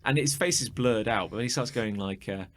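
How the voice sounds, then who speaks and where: A man from New Zealand, co-hosting a casual podcast chat, animatedly retelling scenes and dropping his voice low to mimic officials. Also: brisk, fairly bright tone. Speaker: podcast co-host.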